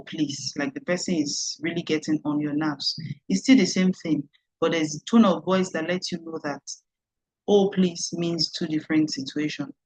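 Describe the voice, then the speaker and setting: Course lecturer, mid-pitched, dry close sound, explains step by step and repeats key points. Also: no room sound, poor audio. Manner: explanatory, repeats key words for emphasis, checks understanding. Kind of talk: recorded online lecture.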